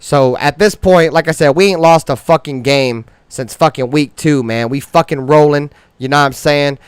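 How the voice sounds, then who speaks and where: A man hosting a fan sports show, delivering swaggering, heavily profane trash talk in slang that grows loud and high-pitched when he gets worked up. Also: normal speed, smooth, no room sound.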